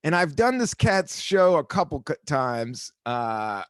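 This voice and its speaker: A man's voice: a little high, big pitch swings, unhurried, clean tone, dry recording, studio quality. Laid-back rambling male podcast host. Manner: rambling, laid-back, jumps between topics. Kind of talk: casual solo podcast monologue.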